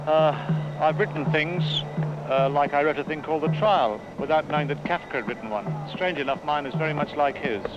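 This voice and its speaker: A man's voice: on the high side, fairly quick. A man, a writer, answering interview questions with dry, self-mocking humour. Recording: lo-fi with music behind.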